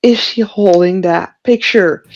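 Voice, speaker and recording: A woman's voice: fairly low pitch, unhurried. A woman co-hosting a fan podcast, asking incredulous questions in a casual chat. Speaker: podcast co-host. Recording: dull lo-fi sound.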